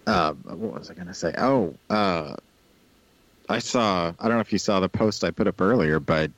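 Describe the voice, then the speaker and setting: A man co-hosting a podcast in casual chat, relaxed and chatty, laughing easily. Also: deep voice, moderate pace. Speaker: podcast co-host.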